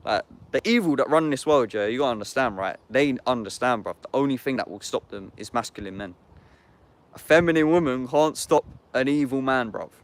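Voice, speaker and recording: A man's voice: medium pitch, animated, brisk. A man in a casual livestream chat, talking bluntly and heatedly, swearing and saying "bruv" constantly.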